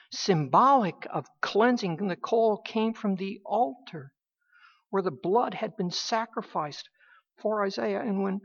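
A woman preaching a sermon in a halting, emphatic way, with many restarts. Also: mid-range voice, slightly rough. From United States. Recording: dull lo-fi recording.

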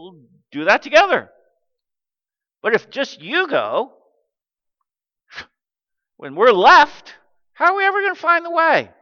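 A man's voice: sits high, pushed and bright, heavily acted. A man acting out a doubtful male disciple who asks puzzled, pleading questions in a sermon. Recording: dull recording with long hall reverb.

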